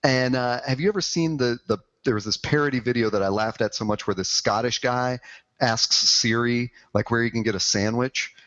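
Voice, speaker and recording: A man co-hosting a podcast, chatting casually about tech in a halting, hesitant way. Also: mid-range voice, a bit bright, lo-fi sound. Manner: halting, hesitant, many uhs. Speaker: podcast co-host.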